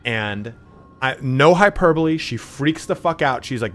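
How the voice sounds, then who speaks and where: A man's voice: medium pitch, expressive, moderate pace, a bit bright, faint music behind. A man streaming a game, telling profane, rambling anecdotes and acting out the voices in them. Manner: acts out voices in his stories. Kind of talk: casual chat while gaming.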